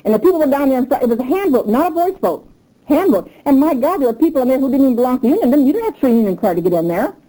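Older woman interviewee, mellow, a touch high; emphatic, repetitive storyteller who gets revved up. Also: very animated, racing, low-quality recording. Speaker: union member interviewee. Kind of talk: oral history interview.

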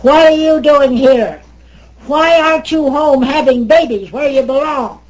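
Woman playing a scornful old congressman, loud and pitched up, scolding. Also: unhurried, low-quality recording. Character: gruff older male congressman, scornful of women.

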